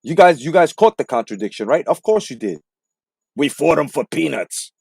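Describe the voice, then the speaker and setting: A man with a fairly high, wildly animated voice rants combatively, swearing and hammering his points with repetition. The sound is close and dry, with almost no room. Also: normal speed, gravelly, husky, no echo. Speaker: boxing commentary host. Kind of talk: profane live-stream rant.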